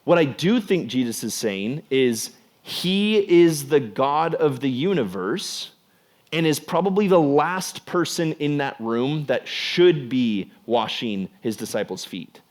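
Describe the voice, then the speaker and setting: A man's voice: medium pitch, very animated, slow. A young adult man giving a casual youth sermon as a youth pastor, conversational and full of "like" fillers. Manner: conversational, filler-heavy with frequent "like".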